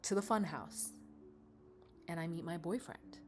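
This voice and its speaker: A woman's voice: lowish voice, measured pace, music in the background, lightly acted. A woman voicing an older widowed queen mother, haughty and defensive, stammering when pressed, in a bedtime story. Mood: hesitant.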